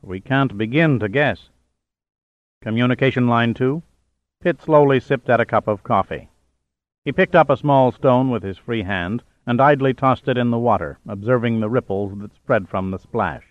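A man narrating an audiobook in a steady, even storytelling manner. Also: medium pitch, moderate pace, no echo, narrow, tinny audio. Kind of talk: scripted narration.

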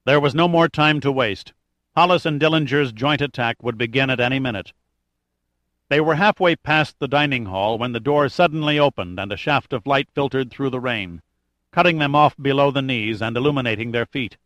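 A man reading an adventure novel aloud in steady, even scripted narration. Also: mid-range voice, normal speed, no room sound. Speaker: audiobook narrator.

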